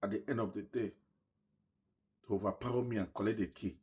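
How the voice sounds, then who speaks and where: A man's voice: fairly low pitch, steady tone, brisk. Man earnestly recounting his own story. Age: middle-aged. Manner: earnest, emotional retelling, often dropping to a hushed voice. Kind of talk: personal story told to camera.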